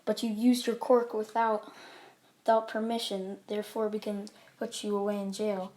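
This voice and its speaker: A woman's voice: medium pitch, level tone, moderate pace, dark tone, close to an everyday voice. A stern, officious police chief laying down the rules, read out by a woman. It is close to the reader's own voice.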